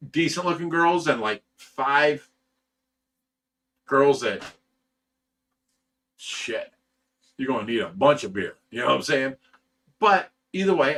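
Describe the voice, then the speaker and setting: A man's voice: on the high side, fairly bright tone, distant mic. A man hosting a livestream, chatting casually and reading viewer comments in a blunt, rambling way, swearing freely. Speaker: livestream host reading chat.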